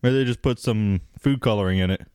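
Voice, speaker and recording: Brief: relaxed male co-host, lowish voice, blunt and easygoing, dry studio sound. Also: fairly quick, clear, resonant tone, no echo. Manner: laid-back, blunt, swears casually. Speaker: podcast co-host. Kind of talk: casual chat.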